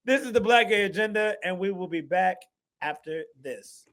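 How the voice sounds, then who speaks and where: A man co-hosting a podcast in casual chat, playful and quick to affirm. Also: sits high, fairly bright tone. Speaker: podcast co-host.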